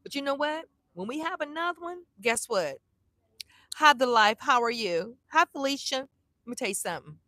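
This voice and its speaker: A middle-aged woman vlogger telling a story to her live chat in a blunt, animated way, swearing freely and acting out the people she quotes. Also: high voice, moderate pace, no echo.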